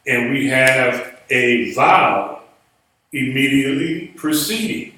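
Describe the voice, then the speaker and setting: A man lectures a small class at a slow, deliberate pace, patiently spelling words out letter by letter. His voice is set at a middling pitch. He sits far from the microphone, and a heavy room echo surrounds every word. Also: pushed and bright, slight background noise. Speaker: Biblical Hebrew teacher. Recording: echoey room, voice far from mic.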